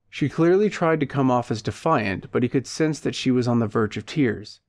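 A man narrating a dark short story in a steady, even storytelling voice. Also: mid-range voice, normal speed, few pauses, dry recording, studio quality. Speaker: audiobook narrator. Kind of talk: scripted narration.

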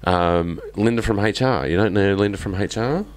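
A lowish-voiced man hosts a relaxed conversation. He tells stories with energy and acts out the scenes as he goes. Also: normal speed. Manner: animated storyteller, acts out scenes with big shouting bursts. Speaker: podcast host. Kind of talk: casual chat.

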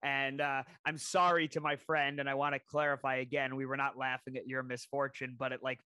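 A man in his twenties co-hosting a podcast, telling stories in casual chat, animated and full of swearing. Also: mid-range voice, brisk, clean tone, no echo. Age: 20s. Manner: animated storytelling, heavy swearing. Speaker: podcast co-host.

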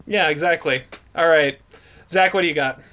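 Laughing podcast host, slightly high voice. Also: male voice, normal speed, background noise. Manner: laughing, stumbling over repeated words. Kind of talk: casual podcast chat.

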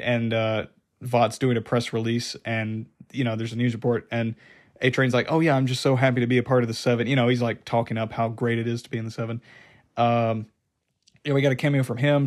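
A man giving a casual, unscripted review of a TV season, rambling with many fillers and restarts. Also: mid-range voice. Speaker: show reviewer.

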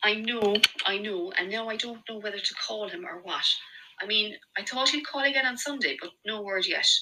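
A woman's voice: mid-range voice, moderate pace, pushed and bright, slight background noise, pitched above the performer's own voice, lightly acted, low-quality recording. A woman doing a coy, bubbly Irish girlfriend. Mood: chatty.

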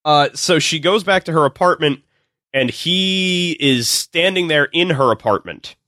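Man, higher voice, bright and forceful tone, lively casual film recap, dry close sound. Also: unhurried, dry recording. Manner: animated storytelling, swearing. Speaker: podcast guest recapping a film. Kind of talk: casual podcast chat.

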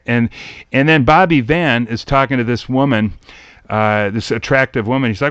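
A middle-aged man with a smooth, resonant voice, chatting about old television. He tells stories with animation and often jumps up high to mimic others. The sound is dry and a little dull. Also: normal speed, a bit bright, dry recording. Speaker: podcast host. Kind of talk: casual chat about old TV.

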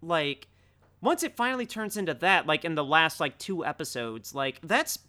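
An excitable young man in casual podcast chat. His voice is bright and forward, and his pitch swings widely as he gets caught up in the conversation. He talks in an animated way and peppers his sentences with "dude.". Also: moderate pace.

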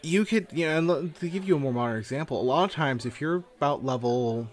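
A man's voice: on the high side, fast. A man co-hosting a podcast, explaining things in a casual, loose way and swearing now and then. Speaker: podcast co-host. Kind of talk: casual chat about tabletop games.

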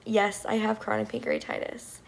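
A woman's voice: medium pitch, level tone, moderate pace, vocal fry. A young woman telling a frustrated, profane storytime rant to her viewers, full of "like" and swearing. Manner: frustrated, profane, filler-heavy with many "like"s. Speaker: vlogger.

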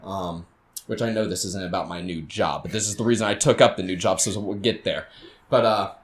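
A man, a fitness trainer co-hosting a podcast, talking in a rambling, laid-back way that drifts quiet. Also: sits low, a little fast, roomy sound. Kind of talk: casual chat.

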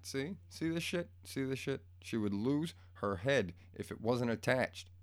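A man's voice: medium pitch, animated, unhurried. A man rants crudely and bluntly to his viewers in a mid-range voice. He rambles and keeps getting sidetracked. The sound is dry and close, with no room echo. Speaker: vlogger. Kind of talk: casual profane rant to camera. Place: home room.

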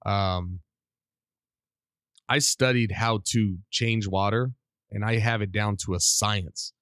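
A middle-aged man hosting a casual solo podcast, rambling and animated while under the weather with a cough. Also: lowish voice, takes it slowly, clear, resonant tone, no room sound, clean studio sound. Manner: rambling, animated, self-deprecating. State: sick with a cough. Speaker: podcast host.

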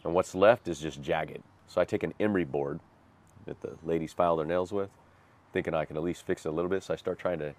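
This man talks fast in a low, steady, slightly mellow voice while giving a personal testimony as a guest. Recalling a hard chapter of his life, he's earnest and self-deprecating, painting it vividly and laughing ruefully.

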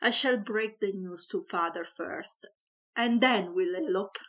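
A woman reading aloud plays an earnest young gentleman flustered by love, stumbling over his words before blurting it all out. His declarations come in halting storybook bursts. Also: mid-range voice.

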